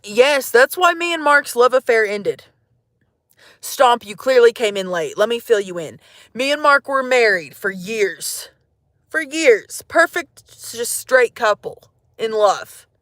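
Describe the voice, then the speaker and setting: A woman's voice: a little high, lively intonation, takes it slowly, fairly bright tone, dry recording, clean studio sound. A young woman rambling to her livestream viewers in a jokey, profane, casual chat from out in the woods. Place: outdoors in the woods.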